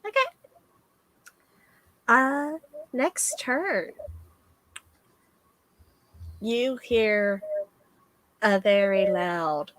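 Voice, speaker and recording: A woman narrating a tabletop game as game master, giving calm rulings. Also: mid-range voice, extremely slow, long pauses, dry recording.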